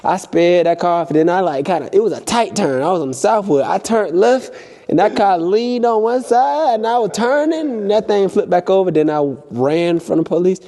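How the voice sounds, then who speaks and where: A young man telling a story casually on a vlog, acting out the people in it. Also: moderate pace. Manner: animated, impulsive storytelling with high-pitched acted-out quotes. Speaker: vlogger.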